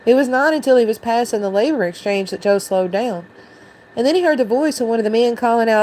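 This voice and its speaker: A woman host reading a storybook aloud in a steady, even narration. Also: on the high side, fast, slight background noise, rough recording.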